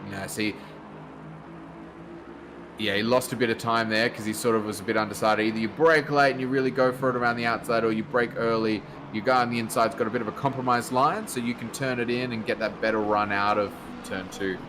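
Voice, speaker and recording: An Australian man commentates a sim race in a loose, chatty way. He laughs easily between calls, and there is clear noise under his voice. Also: on the low side, steady tone, brisk.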